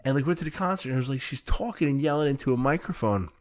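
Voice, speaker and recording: Blunt, animated New Jersey man, dry sound. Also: medium pitch, rapid-fire, dry recording. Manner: animated storyteller, blunt and swears freely. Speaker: podcast guest. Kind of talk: casual chat.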